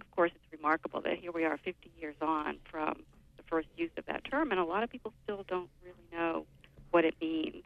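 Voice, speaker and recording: Speaking over a lo-fi phone line, an older woman with a low voice and vocal fry is interviewed on the radio. She gives long, thoughtful explanations in a lecturing style.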